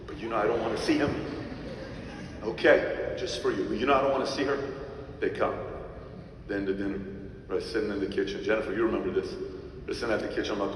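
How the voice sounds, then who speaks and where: A man telling a personal story to an audience, emphatic, jumping between loud outbursts and quiet asides. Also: medium pitch, expressive, fairly quick, slight background noise. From Iran. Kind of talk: animated storytelling to a live audience. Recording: echoey hall from far off.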